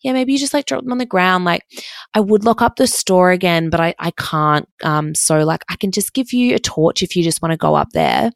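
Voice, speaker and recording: A chirpy young shop girl, talking in a matter-of-fact, breezy way, as a woman quotes her in a higher voice. The sound is close and dry. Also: lively intonation, brisk, gravelly, dry recording.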